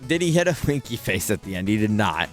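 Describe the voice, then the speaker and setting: A man's voice: on the low side, sing-song, fast talker, faint music behind. A man streaming a video game, chatting casually and animatedly, swearing freely and laughing often. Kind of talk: casual live-stream chat.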